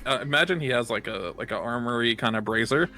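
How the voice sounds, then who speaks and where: A man's voice: mid-range voice, lively intonation, fast talker, bright, forceful tone, soft background music. A man playing a tabletop game, casually rambling as he describes his character's actions. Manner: rambling, amused, restarts. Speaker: player.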